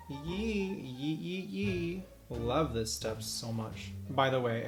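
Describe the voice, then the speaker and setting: Chatty young man doing makeup. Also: mid-range voice. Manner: chatty, joking and self-mocking. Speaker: makeup vlogger. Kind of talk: casual makeup tutorial chat. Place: at home during quarantine.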